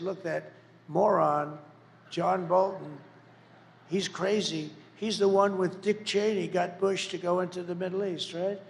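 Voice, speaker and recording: Male candidate at a rally mic: gravelly, pitched fairly high for a man, rambling and mocking, big hall reverb. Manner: rambling, mocking and emphatic, breaking into shouts. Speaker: political candidate. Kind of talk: campaign rally speech. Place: large rally venue.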